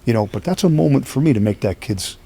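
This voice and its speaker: A middle-aged man telling stories in a casual podcast chat, animated and checking in with "right?" as he goes. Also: medium pitch, quick pace, gravelly, slightly rough. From Northeastern US. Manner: animated, repeats "right?" often, acts out quoted voices. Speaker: podcast guest, strength athlete. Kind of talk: casual storytelling conversation.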